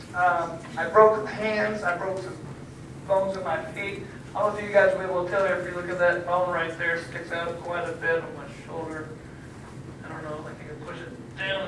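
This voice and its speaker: A man who is a guest speaker at a school, answering students' questions in a plain, rambling, earnest way. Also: sits high. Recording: echoey room from far off, noisy.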